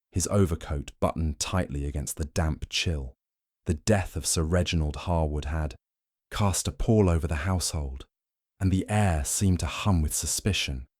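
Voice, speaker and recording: A man narrating a mystery audiobook in a measured, dramatic way. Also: a bass voice, darkish tone, dry recording, clean studio sound.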